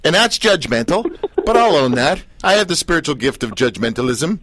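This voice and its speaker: A man's voice: fairly high pitch, very animated, moderate pace, fairly bright tone. A male radio show host interviewing a guest in a joking, teasing way, laughing often.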